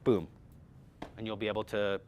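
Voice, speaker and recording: A man's voice: on the low side, little pitch movement, normal speed, lo-fi sound, a little hiss or hum. A man teaching a voice-over workshop to a group, talking energetically with many fillers and repeated words. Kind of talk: casual workshop talk.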